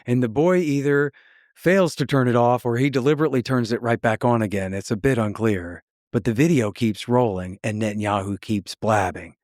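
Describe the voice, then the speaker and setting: Sardonic male guest, mid-pitched, dry studio sound, animated storyteller. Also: fairly quick, no room sound. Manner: blunt, sarcastic, animated storytelling with mocking quoted voices. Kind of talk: podcast interview conversation.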